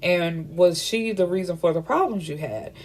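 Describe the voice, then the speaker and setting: A young woman with a slightly low voice talks through a novel's plot in a relaxed, chatty way. She acts out lines from the scenes and breaks in with her own blunt remarks. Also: normal speed. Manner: chatty, retells scenes with quoted dialogue and blunt asides. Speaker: book reviewer. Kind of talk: casual book recap.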